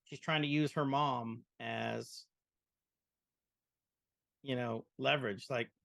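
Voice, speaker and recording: A man co-hosting a podcast, chatting casually as he retells the scenes of an episode in an animated way. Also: mid-range voice, slow pace, vocal fry, dry recording, studio quality. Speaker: podcast co-host.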